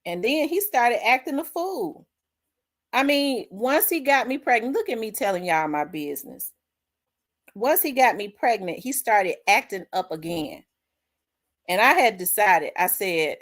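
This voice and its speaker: A middle-aged woman, hosting her own show and candidly telling a personal story, acting out the dialogue with big swings in her voice. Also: normal speed. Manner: animated, acts out quoted dialogue with big pitch jumps. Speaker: host.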